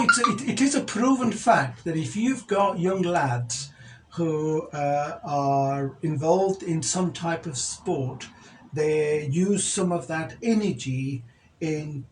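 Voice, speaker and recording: A man's voice: fairly high pitch, echoey room, a little hiss or hum. Birmingham man, earnest radio talk. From England. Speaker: radio talk show host. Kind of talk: casual radio chat.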